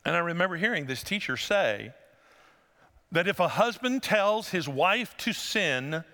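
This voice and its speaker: A male pastor, preaching a sermon and telling stories, sometimes acting out voices in a high falsetto. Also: very animated, a little slow, pushed and bright. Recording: long hall reverb.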